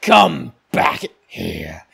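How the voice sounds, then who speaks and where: A man voicing a menacing male stranger who accuses and chases, in a rough gravelly voice. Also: medium pitch, huge pitch swings, extremely slow, fairly bright tone, voice pushed down, exaggerated voice. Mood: accusing. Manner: accusing, relentless.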